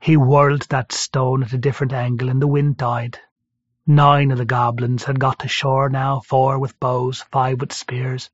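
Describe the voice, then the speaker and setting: A man's voice: medium pitch, flat delivery, a little slow, no room sound. A man narrating a first-person story as an audiobook narrator, in a dry conversational storytelling manner. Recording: dull lo-fi recording.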